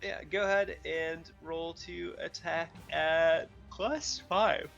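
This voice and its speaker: Brief: male game master, gravelly, fairly high-pitched, laid-back and halting, faint music behind. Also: lo-fi sound. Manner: relaxed, halting with many fillers. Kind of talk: narrating a tabletop game.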